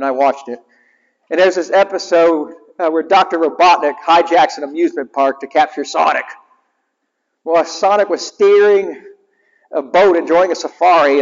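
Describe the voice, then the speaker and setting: A male chaplain giving a sermon, speaking in a fairly high voice. He keeps things conversational and questions the congregation directly. The recording sounds muffled, with a long echo through the hall.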